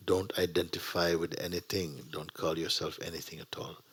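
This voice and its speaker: Gentle, unhurried man, fairly low. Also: flat delivery, husky. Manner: gentle, unhurried, drops to whispers. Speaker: spiritual teacher. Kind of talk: sermon to a gathering. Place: satsang gathering.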